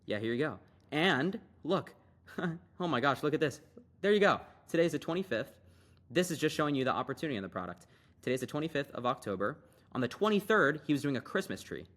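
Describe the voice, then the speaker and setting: A man's voice: on the high side, very animated, fairly bright tone. Hyped young man on a screen-share. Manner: hyped, fast, conversational with frequent fillers. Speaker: online business coach. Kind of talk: casual screen-share tutorial.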